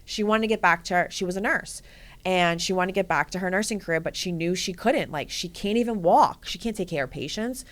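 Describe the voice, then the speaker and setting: Brief: lower-pitched woman guest, fitness coach, lively and profane, chatty storytelling. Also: brisk. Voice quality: profane, energetic, frequent "right?" and "like". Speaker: guest, bodybuilding and life coach. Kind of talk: casual storytelling interview.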